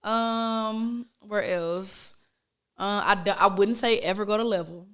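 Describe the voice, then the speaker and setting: A woman's voice: medium pitch, steady tone, slow, a bit bright, smooth. A woman co-hosting a podcast in casual chat, with a laid-back way of talking, many ums and long stories. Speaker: podcast co-host.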